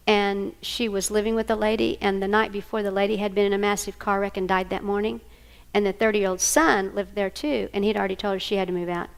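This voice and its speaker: A workshop presenter teaches a live audience in a clear, resonant voice of medium pitch. She speaks with animation, weaving in stories and checking in with her listeners.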